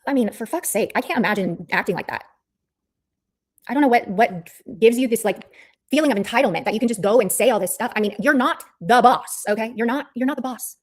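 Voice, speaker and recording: A woman livestreamer ranting in a heated callout, blunt and profane, repeating herself as she scolds someone. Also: fairly high pitch. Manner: angry, blunt, profane, repetitive.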